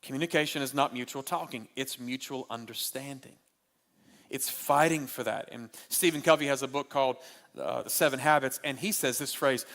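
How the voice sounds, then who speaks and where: Bright-voiced preacher in a reverberant hall. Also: male voice, fairly high pitch. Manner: animated, humorous preaching with repeated key lines. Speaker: pastor. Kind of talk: sermon at a marriage conference.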